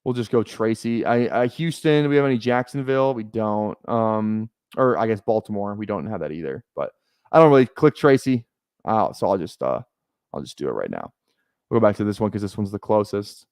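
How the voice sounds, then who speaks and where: A man's voice: lowish voice, sing-song, a little fast, a little mellow, smooth, no echo, studio quality. A young man streaming live, chatting casually and thinking aloud as he talks. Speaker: fantasy football streamer.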